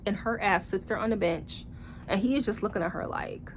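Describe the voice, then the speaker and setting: Woman book reviewer, casual vlog; blunt, salty, sarcastic, animated asides, mid-pitched voice, faint background hiss. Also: brisk. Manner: animated, acts out quoted characters.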